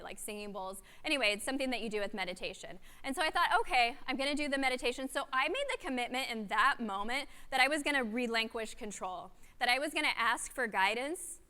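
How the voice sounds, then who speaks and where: A woman giving a keynote talk at a conference, telling a story with lively, animated delivery and acted-out quotes. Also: on the high side, quick pace, hardly any pauses, clear, resonant tone. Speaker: keynote speaker. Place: conference hall. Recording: long hall reverb.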